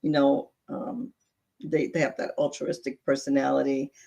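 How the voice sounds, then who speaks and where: A woman's voice: extremely low pitch, level tone, normal speed, creaky, mellow. A woman co-hosting a podcast in casual chat, chatty and explaining things, laughing easily. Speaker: podcast co-host.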